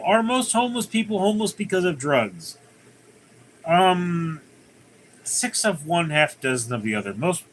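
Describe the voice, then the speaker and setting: A fairly high-voiced man runs a relaxed livestream. He reads viewer comments aloud and then rambles through his answers in an easygoing, conversational way. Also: slight background noise, poor audio. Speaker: livestream host. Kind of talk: casual live chat reading viewer comments.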